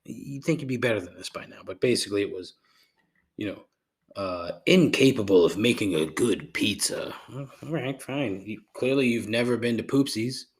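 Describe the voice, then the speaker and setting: A man's voice: medium pitch, normal speed. A man hosting his podcast alone, ranting sarcastically with lots of swearing and rambling asides. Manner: sarcastic, profane, rambling with frequent fillers. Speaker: podcast host. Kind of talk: casual solo podcast rant.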